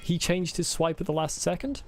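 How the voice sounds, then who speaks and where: A man's voice: on the high side, lively intonation, moderate pace, music in the background. A man commenting on his own gameplay during a live stream, muttering to himself, humming and swearing under his breath. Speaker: game streamer.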